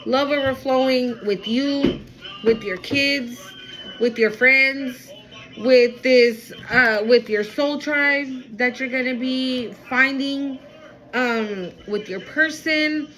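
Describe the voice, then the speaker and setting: A woman's voice: sits high, slow pace, a bit bright, poor audio. A woman giving a heartfelt intuitive card reading, speaking straight to her viewers and slipping into Spanish now and then. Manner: earnest, emotional, addresses viewer directly; switches into Spanish at times. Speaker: spiritual card reader.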